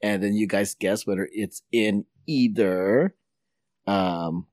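A man's voice: fairly low pitch, takes it slowly, dry recording, studio quality. A man hosting a casual podcast, running a guessing game and laughing through stumbles. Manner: lively, stumbling, laughs often. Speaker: podcast host. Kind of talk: casual podcast chat, reading quotes for a game.

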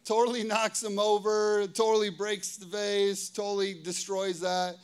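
A man's voice: a little slow, clean tone. A middle-aged man, a pastor, preaching a casual sermon, telling family stories and checking in with the audience. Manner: casual, conversational, lots of "okay?" and "right?" checks with the audience; animated storytelling, pitch and volume swinging widely.

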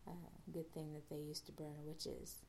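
A woman's voice: sits low, monotone, moderate pace, gravelly, slight background noise. A woman podcast host casually recapping an episode, rambling with many fillers and restarts.

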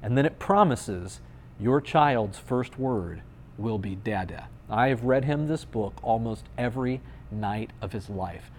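Male pastor, thirties, relaxed sermon, dry jokes, medium pitch. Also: a little slow, slight background noise. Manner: conversational and playful, with dry humor.

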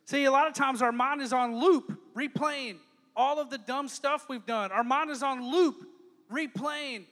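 A man preaching a lively youth sermon as pastor, joking and acting out quoted lines in changing voices. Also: extremely high pitch, a little slow, long reverb tail.

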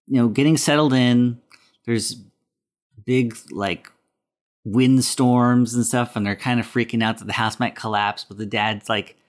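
A man hosting a casual podcast, recapping a film plot in a rambling way with many fillers. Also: fairly low pitch. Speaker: podcast host.

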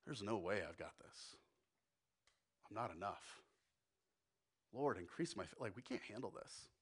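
A man voicing a cautious, practical male apostle who talks quietly and hesitantly. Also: fairly high pitch, very animated, normal speed. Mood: despairing.

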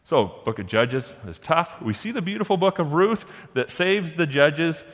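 A man preaching a sermon, posing rhetorical questions and slowing down to stress scripture verses. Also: fairly high pitch, lively intonation. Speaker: pastor. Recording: long hall reverb.

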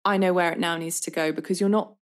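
Woman, thirties, lower-pitched voice, songwriter guest, animated storyteller, conversational interview. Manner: animated storyteller, acts out quotes with quick bursts.

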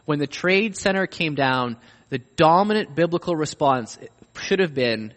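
A man delivers a sermon in a high, light voice. He drops to quiet reflection, then climbs into urgent, emphatic appeals. His words ring out with a long reverb, as in a large church hall. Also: unhurried. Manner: animated, swings between hushed and emphatic. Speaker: pastor.

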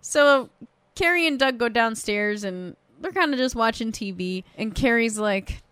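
Woman co-host, higher voice, dry close mic, casual swearing and acted-out lines. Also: a little slow, clear, resonant tone, no echo. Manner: profane, animated, acts out characters' lines. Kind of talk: casual chat recapping a TV show.

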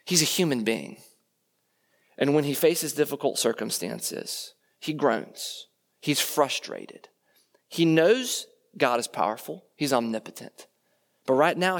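A man delivering a sermon in a chatty, conversational manner. He keeps checking in with his listeners through rhetorical questions and quick tag questions. His voice sits at an ordinary middle pitch for a man. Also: lively intonation, creaky. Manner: conversational, rhetorical questions, frequent "right?" tags. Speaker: preacher.

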